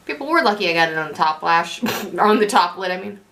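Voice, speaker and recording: A woman's voice: lowish voice, expressive, fast talker, vocal fry, bright, forceful tone. A young woman chatting casually through a makeup tutorial, rambling and correcting herself as she goes. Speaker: beauty vlogger.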